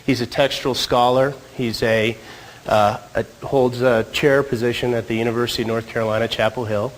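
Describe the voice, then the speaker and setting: In a church hall, a married man getting over a cold gives a casual talk, tossing joking asides to the audience. His mid-range voice is slightly husky from the cold, with fairly even intonation and normal speed. The audio is poor, with slight background noise.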